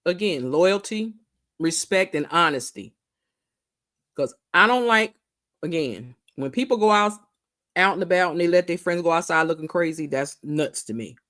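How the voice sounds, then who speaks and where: A woman's voice: fairly low pitch, lively intonation, normal speed, a bit bright. A woman hosting a casual livestream chat, greeting viewers by name and stretching her words out. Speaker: livestream host.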